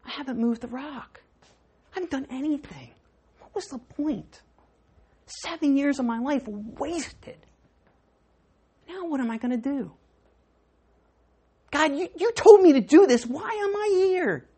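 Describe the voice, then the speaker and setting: A woman's voice: sits high, lively intonation, a little slow, pauses often, warm tone, breathy edge, pitched above the performer's own voice, heavily acted. A woman doing a despairing man crying out to God. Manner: pleading, anguished. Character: despairing worn-out laboring man.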